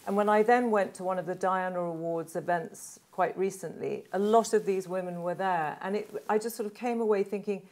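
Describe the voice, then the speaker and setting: A woman's voice: mid-range voice, steady tone, fairly quick, hardly any pauses, a little mellow. A British woman on a talk panel, speaking in an enthusiastic, chatty way with frequent "like"s. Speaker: panel guest. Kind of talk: casual chat.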